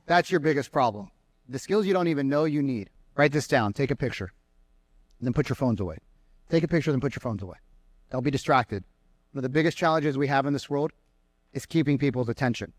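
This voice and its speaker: A man giving an energetic sales seminar to a live room, firing questions at the crowd. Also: mid-range voice, brisk, dry recording. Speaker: sales trainer. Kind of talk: live seminar talk to an audience. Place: meeting room with an audience.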